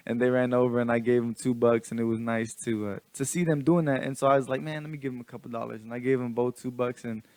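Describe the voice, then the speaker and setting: A man's voice: mid-range voice, steady tone, a little fast, darkish tone, no room sound. Laid-back rambling man telling a story. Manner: rambling, many restarts, laughs often. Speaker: vlogger. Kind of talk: casual storytelling.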